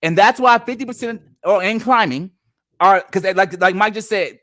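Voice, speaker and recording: A man's voice: high voice, fast, dry recording, clean studio sound. A man co-hosting a faith-based podcast discussion, talking in an emphatic, preaching-like way. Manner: animated, emphatic preaching-like delivery. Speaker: podcast co-host.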